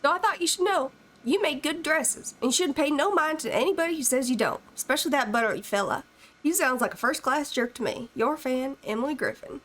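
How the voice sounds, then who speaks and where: A woman's voice: sits high, fairly quick, fairly bright tone. A woman streamer voicing an earnest small-town country woman writing a fan letter, in a put-on rural American country drawl with a folksy, plainspoken manner.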